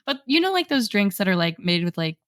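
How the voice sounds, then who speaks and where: A woman's voice: medium pitch, sing-song, brisk, fairly bright tone, no echo, clean studio sound. Chatty woman with lots of "like". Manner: chatty, says "like" a lot. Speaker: podcast co-host. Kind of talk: casual chat.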